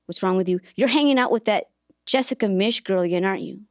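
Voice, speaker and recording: A woman voices an angry, suspicious mother who accuses her daughter in a raised voice. Her voice is a little high, pitched above her own but close to an everyday voice, at a measured pace. The recording is dry and studio quality.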